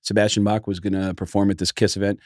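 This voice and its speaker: Animated middle-aged male comedian storyteller. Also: on the low side, fast talker, no echo, clean studio sound. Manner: animated storyteller, acts out quotes. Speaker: podcast co-host. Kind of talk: casual chat.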